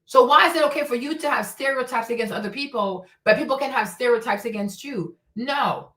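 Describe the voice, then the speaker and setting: A woman's voice: a little high, fairly quick, sharp tone, roomy sound. A woman from Africa hosting a stream, ranting in a blunt, heated, profane way and repeating her points. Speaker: host. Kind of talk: livestream commentary rant.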